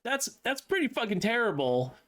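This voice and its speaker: A young man hosting a podcast in casual chat, telling stories fast and swearing freely. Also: extremely high pitch, sing-song, a bit bright. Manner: swears often, quick storyteller. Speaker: podcast host.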